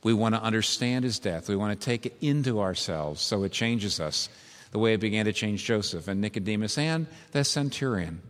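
A man's voice: lowish voice, animated, a little fast, a bit bright. A man preaching a sermon, retelling a story vividly and with emphasis before leading a prayer. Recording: long hall reverb.

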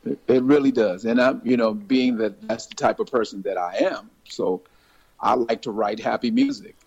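A man's voice: medium pitch, expressive, moderate pace, creaky, a little mellow, slightly rough, lo-fi sound. A man appearing as a musician guest in a radio interview, talking in an easygoing, friendly way. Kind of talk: interview conversation.

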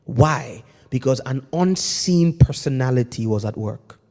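A man preaching a sermon, swinging between hushed intensity and shouting. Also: medium pitch, animated, a little slow, big-room sound.

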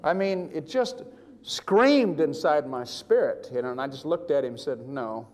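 An older man preaching, telling a personal story with animated, chuckling delivery and acting out the voices of others in his account. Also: on the high side, normal speed, big-room sound. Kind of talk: sermon testimony.

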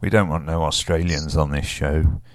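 A low-pitched man chats loosely as a radio host, drifting between jokes and half-finished thoughts. His voice sits deep and the sound is dry and close. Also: fairly even intonation, moderate pace, no room sound. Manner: rambling, jokey, trails off mid-sentence. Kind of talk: casual radio chat.

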